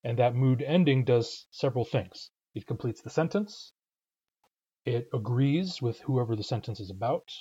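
A man with a mellow, relaxed tone teaches a language lesson, patiently counting out syllable rhythms aloud. The recording sounds a little dull and lo-fi. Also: medium pitch, moderate pace, slightly rough.

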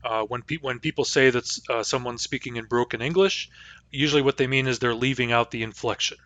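A man teaching a linguistics lesson in an online class, thoughtful and halting, full of fillers and restarts. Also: mid-range voice, bright, forceful tone, no room sound. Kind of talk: online lecture.

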